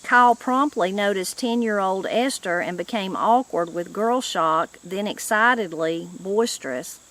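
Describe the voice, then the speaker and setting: A woman hosting her channel, reading a novel aloud with measured storytelling. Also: medium pitch, fairly bright tone. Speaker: reader, channel host.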